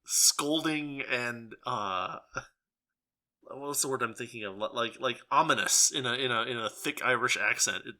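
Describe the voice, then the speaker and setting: A man co-hosting a casual podcast who makes quick joking asides and playful reactions. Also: mid-range voice, pushed and bright. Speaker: podcast co-host. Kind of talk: casual chat.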